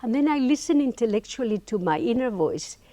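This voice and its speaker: A woman's voice: fairly high pitch, fairly quick, dry recording. A middle-aged woman from Argentina, a meditation teacher, telling her story as a guest in an interview and acting out what people said, with laughs. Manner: animated, acts out quoted voices with laughs.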